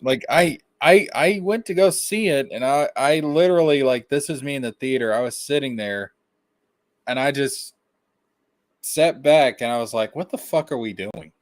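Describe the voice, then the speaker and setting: A man in casual chat, ranting with animated, profane mock outrage. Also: mid-range voice, normal speed, no echo, clean studio sound. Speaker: podcast co-host.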